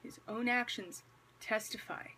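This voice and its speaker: A woman's voice: fairly high pitch, steady tone, a little slow, sharp tone, slight background noise. A woman talking to camera in casual vlog commentary with a religious message, wry and conversational, posing rhetorical questions and slipping in sarcastic asides. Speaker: vlogger.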